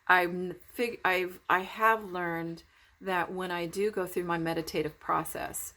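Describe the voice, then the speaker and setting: A woman's voice: deep voice, fairly bright tone. A middle-aged woman recording a casual vlog while recovering from illness, talking in a rambling, heartfelt way with many fillers and restarts. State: recovering from illness, foggy-headed. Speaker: vlogger. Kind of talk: casual spiritual vlog talk.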